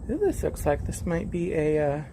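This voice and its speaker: Slow, gravelly man hiking outdoors. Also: on the high side, very animated, background noise. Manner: rambling, easygoing commentary while walking. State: out of breath. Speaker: vlogger. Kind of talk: live-streamed hiking chat. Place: outdoors on a hiking trail by a lake.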